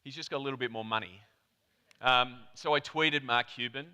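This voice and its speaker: An Australian man gives a keynote talk in a reverberant hall, his bright, crisp voice carrying a long tail of echo. He tells his story in a chatty way, tossing quick asides to the audience. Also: medium pitch. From Melbourne, Australia. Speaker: conference presenter. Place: conference hall.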